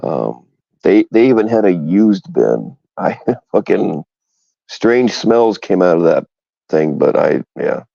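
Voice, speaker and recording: A man's voice: sits low, lively intonation, slow, gravelly, dark tone, no room sound, highs cut off. A man co-hosting a crude casual chat, rambling and frank, and he laughs often.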